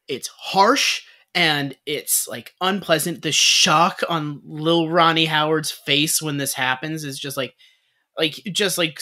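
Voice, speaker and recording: A woman's voice: low voice, sharp tone. A woman co-hosting a podcast, recapping a TV episode in blunt casual chat, swearing freely and saying "like" a lot. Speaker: podcast co-host.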